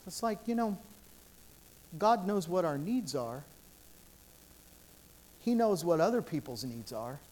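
A man's voice: high-pitched, very animated, takes it slowly, long pauses, a little mellow. A male pastor preaching a sermon in a church sanctuary, telling stories in an earnest, repetitive way with frequent restarts.

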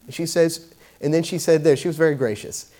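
A man's voice: fairly high pitch, steady tone, a little fast, dark tone. A man preaching a sermon in a conversational way, telling a personal story with many fillers and restarts. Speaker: pastor.

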